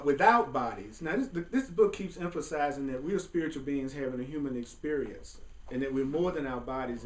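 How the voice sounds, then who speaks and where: A man teaching a spiritual class in a casual, playful way, chuckling often and wandering into asides. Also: mid-range voice. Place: classroom with a group. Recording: echoey room, distant mic, faint hum.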